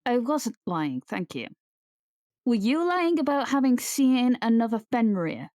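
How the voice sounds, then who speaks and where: A woman's voice: on the high side, very animated, a little slow, a little mellow, no echo. A woman playing a tabletop game, speaking with dry, teasing humor. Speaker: player. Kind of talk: in-character tabletop role-play.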